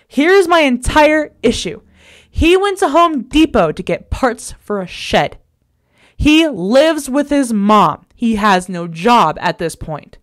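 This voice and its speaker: Exasperated woman telling a personal story. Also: sits high. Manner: exasperated, emphatic retelling. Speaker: vlogger. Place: a bedroom at home.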